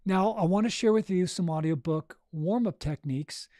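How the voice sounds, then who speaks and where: A man coaching authors on narrating their audiobooks, talking casually and demonstrating breathing and voice warm-ups. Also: high-pitched, moderate pace, dry recording, studio quality. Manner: encouraging, conversational, frequent "okay?" and "right?". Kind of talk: coaching monologue.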